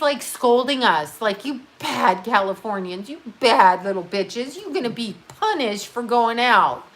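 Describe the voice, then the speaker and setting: This is a woman in her fifties hosting a casual livestream and rambling as she paints her nails. Her talk is blunt and full of swearing, and it drifts from one thing to the next. Her voice sits at an ordinary middle pitch. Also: a bit bright. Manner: blunt, profane, chatty while doing her nails. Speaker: livestream host.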